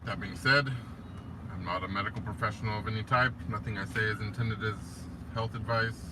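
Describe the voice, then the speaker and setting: A man's voice: brisk, background noise. Casual profane man on a livestream. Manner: loose, profane, talks to his dog in a high excited voice. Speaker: livestream host. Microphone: tablet built-in mic.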